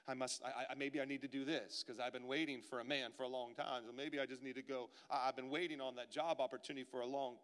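A man preaching a sermon as pastor, swinging from loud pleading to near-whispers. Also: medium pitch, steady tone, fast talker, few pauses. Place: church sanctuary. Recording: long reverb of a church hall.

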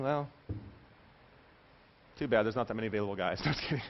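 A man preaching a sermon as pastor, animated, telling stories and acting out quoted voices. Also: lowish voice, fast talker, vocal fry, pauses often, dull audio, slight background noise.

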